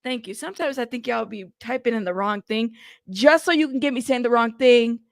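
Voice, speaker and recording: A woman's voice: a little high, a little fast, dry recording, clean studio sound. A woman hosting a news livestream in casual chat, talking straight to her viewers and laughing at herself.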